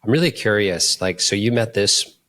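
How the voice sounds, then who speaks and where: A man hosting a podcast who responds in a slow, reflective, hesitant way. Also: lowish voice, animated, a bit bright. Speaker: podcast host.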